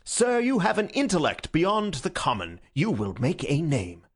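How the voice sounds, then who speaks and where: A man voicing a tipsy, witty young gentleman in an audiobook, with a grand, bubbling delivery. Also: a little high, huge pitch swings, measured pace, husky, pitched above the performer's own voice, exaggerated voice. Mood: giddy. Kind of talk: audiobook character voice.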